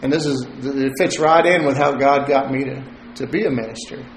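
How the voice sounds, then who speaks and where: A man's voice: mid-range voice, steady tone, moderate pace, a little hiss or hum. A male pastor delivering a sermon in a loose, conversational way, joking at times and repeating words as he thinks. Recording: roomy echo.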